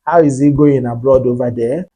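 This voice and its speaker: Guy vlogging, husky mellow voice, easygoing, repeats stuff a lot. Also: mid-range voice, fairly even intonation, normal speed, rough recording. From Nigeria. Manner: chatty, repeats himself, drops in "you get". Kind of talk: casual talk to camera.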